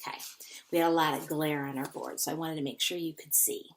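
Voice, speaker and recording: A woman's voice: sits low, steady tone, fast, vocal fry. A woman teaching a phonics lesson to young children, patiently repeating words to sound them out.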